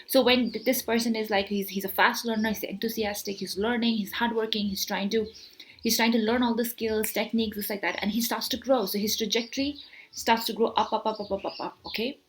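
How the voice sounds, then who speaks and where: A woman speaking straight to camera in a relaxed, talky way, coaching her viewers. She keeps throwing out rhetorical questions and answers them herself. She restarts her phrases and fills the gaps with "uh" and "you know" as she sketches ideas with her hands. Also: on the high side, a little fast, slight background noise. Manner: explains with hand gestures, repeats words, many fillers. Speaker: motivational speaker. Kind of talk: casual talk to camera.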